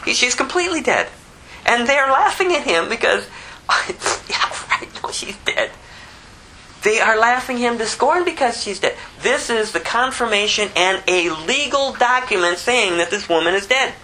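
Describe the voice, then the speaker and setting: A man teaching verse by verse from the Bible, lively and conversational, who chuckles at his own asides. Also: extremely high pitch, normal speed, slight background noise, low-quality recording.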